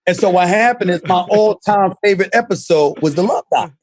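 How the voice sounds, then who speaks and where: Man, very high voice, sports talk host, excitable storyteller, repeats words. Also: fairly quick. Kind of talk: animated storytelling on a talk show.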